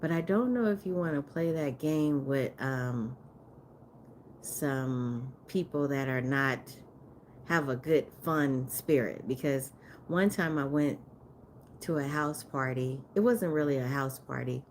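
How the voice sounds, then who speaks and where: A woman's voice: very deep voice, slow pace, a little hiss or hum. A woman chatting casually on a livestream, rambling and laughing often as she talks to her viewers. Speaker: live streamer.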